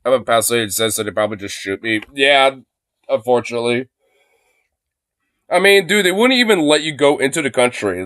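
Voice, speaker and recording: Male streamer, rambling and profane live commentary, smooth voice, dry sound. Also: mid-range voice, a bit bright, no room sound. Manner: rambling, heavy fillers and swearing. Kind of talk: livestream commentary. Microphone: phone.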